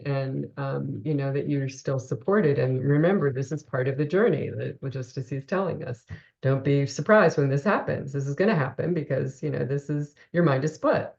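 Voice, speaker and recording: With an extremely low, creaky, slightly mellow voice on a lo-fi recording, a woman speaks at a moderate pace. Co-hosting a reflective talk on a spiritual text, she thinks out loud, restarting often and using plenty of fillers.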